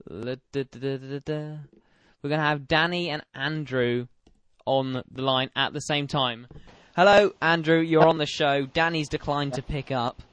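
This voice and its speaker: Teasing British radio host, fairly high. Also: male voice, steady tone, moderate pace, fairly bright tone. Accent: British English. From Britain. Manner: teasing, mock-insulting, laughing often. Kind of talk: comedic radio quiz banter.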